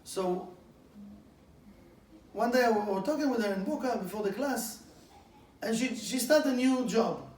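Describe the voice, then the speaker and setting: High-voiced eager male teacher, echoey room. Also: unhurried, pauses often, a little mellow. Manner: eager, asks many questions; broken, non-standard English grammar. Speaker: Kabbalah teacher. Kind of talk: class lecture. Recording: echoey room, mic far off.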